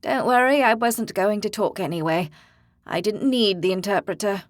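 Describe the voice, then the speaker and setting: A woman narrator voicing a determined young woman warrior in an audiobook, speaking with forceful confidence. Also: medium pitch, moderate pace, no echo, clean studio sound, close to an everyday voice. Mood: defiant. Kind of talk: audiobook character voice.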